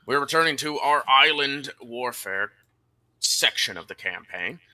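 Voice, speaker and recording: A man's voice: medium pitch, lively intonation, unhurried, bright, forceful tone. A man running a tabletop wargame as game master, narrating in a theatrical, announcer-like way.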